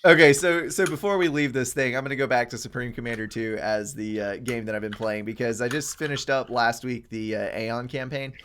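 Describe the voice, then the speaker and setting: A man's voice: mid-range voice, steady tone, a little fast, few pauses, a bit bright, a little hiss or hum. A man co-hosting a gaming podcast in casual chat, telling things with chuckles and animation.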